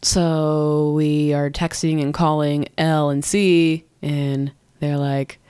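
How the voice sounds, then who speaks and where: A woman's voice: low voice, level tone, takes it slowly, hardly any pauses, warm tone, clean tone, dry recording. A young woman co-hosting a podcast, telling a story in a rambling, giggly way, full of "like" and restarts. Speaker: podcast co-host. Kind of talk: casual storytelling chat.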